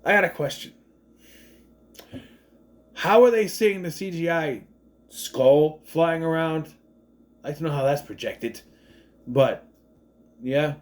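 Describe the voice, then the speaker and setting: A man's voice: fairly high pitch, slow, pauses often. A man in his thirties, a father, casually recapping a movie in a chatty, rambling way, acting out the characters' lines. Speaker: movie reviewer.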